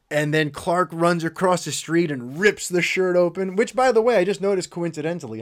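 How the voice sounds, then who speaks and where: Middle-aged man, podcast host, animated emotional fan storytelling, slightly high voice. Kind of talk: casual storytelling monologue.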